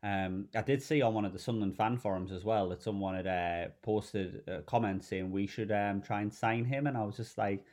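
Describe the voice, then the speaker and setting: A man's voice: fairly low pitch, fairly quick, hardly any pauses, darkish tone. A man hosting a casual football podcast, loose and full of fillers. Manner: filler-heavy, loose, asks questions. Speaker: podcast host.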